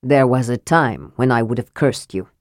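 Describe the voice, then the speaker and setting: A woman voicing an old male dwarf possessed by a dead prince, speaking slowly in a stern, cold voice. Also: extremely low pitch, no echo, studio quality, pitched below the performer's own voice. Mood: wrathful. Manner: slow, hard.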